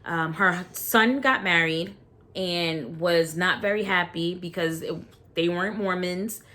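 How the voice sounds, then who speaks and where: A woman's voice: lowish voice, unhurried, sharp tone. Blunt, slangy woman vlogger. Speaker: documentary reaction vlogger. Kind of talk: casual reaction commentary.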